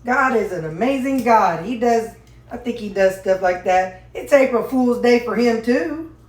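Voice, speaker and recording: Cooking in her home kitchen, a woman talks to her viewers in a folksy, casual vlog style, her slightly high voice lively in intonation and measured in pace. Dish clatter and echo fill the kitchen around her.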